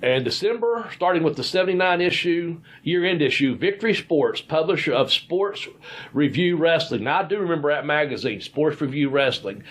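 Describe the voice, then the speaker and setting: A man's voice: a little high, lively intonation, normal speed, fairly bright tone. Rambling man telling wrestling stories. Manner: rambling anecdotes with many fillers and restarts. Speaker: podcast host, former wrestler. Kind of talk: casual storytelling chat.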